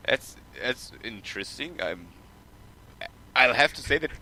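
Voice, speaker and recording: A man's voice: medium pitch, expressive, a little slow, bright, forceful tone, poor audio. A man in a casual podcast chat over a voice call, making dry, wry remarks. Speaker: podcast co-host.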